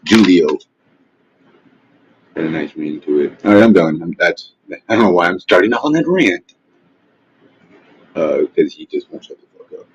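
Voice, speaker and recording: Man, very deep husky voice, profane mocking livestream rant, dull dry lo-fi audio. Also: lively intonation, normal speed, pauses often, no echo. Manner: profane, mocking, trash-talking. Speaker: livestream host. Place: at home, face not shown.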